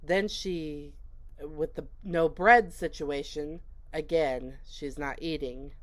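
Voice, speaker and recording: A woman's voice: low voice, steady tone, slow. A woman casually recapping a movie she watched, chatty and rambling, with lots of fillers. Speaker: movie reviewer.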